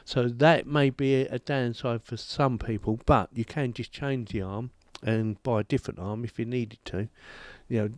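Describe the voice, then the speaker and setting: A British tech reviewer casually reviews a desk microphone on a boom arm from home, rambling and chatty with self-deprecating humour. His mid-range voice has a darkish tone, captured in a dry recording.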